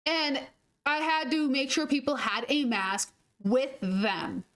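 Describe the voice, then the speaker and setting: A woman's voice: sits high, expressive, slow, fairly bright tone. A young woman streaming a game, chatting casually and telling stories with laughs and the odd swear. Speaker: gaming streamer. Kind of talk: casual storytelling while gaming.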